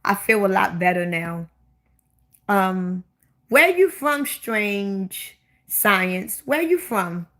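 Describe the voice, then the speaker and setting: A woman's voice: medium pitch, lively intonation, very slow, bright, forceful tone. A woman with a Baltimore accent, chatting bluntly and at length on her own livestream, often repeating her questions for emphasis. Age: older than 25. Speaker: livestream host. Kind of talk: casual livestream chat.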